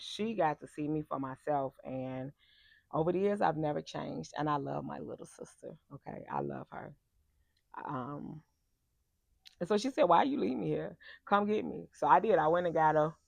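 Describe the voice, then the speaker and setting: A woman tells a personal story in a casual, animated, emphatic way. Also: low-pitched, vocal fry, dry recording. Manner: animated and emphatic, acts out the people she quotes. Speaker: vlogger telling a personal story.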